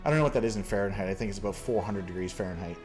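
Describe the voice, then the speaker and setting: A man's voice: on the low side, rapid-fire, faint music behind. Rambling Canadian man telling a story. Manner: rambling, lots of fillers, animated when telling a story. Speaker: podcast host. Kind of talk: casual storytelling chat.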